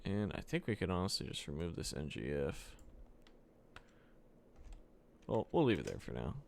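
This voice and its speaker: Casting note: low, fry-edged male streamer, unhurried, mumbles through code aloud, typing heard. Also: very animated, a little hiss or hum. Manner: thinks aloud while typing, slow with fillers, mutters to himself. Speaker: live coding streamer. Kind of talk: live coding stream. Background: keyboard typing and clicks.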